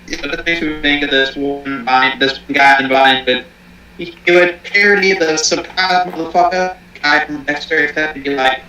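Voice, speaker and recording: Animated man telling a story, echoey room. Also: a little high, moderate pace, distant mic. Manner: animated, profane, acts out quotes. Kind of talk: casual chat, storytelling. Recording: echoey room, faint music behind.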